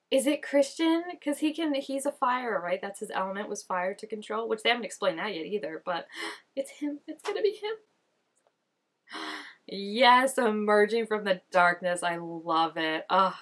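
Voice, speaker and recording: At a moderate pace and medium pitch, with a slightly bright tone, a young reaction vlogger gives casual commentary. She keeps it chatty, heavy on "like," and gasps and exclaims while she watches.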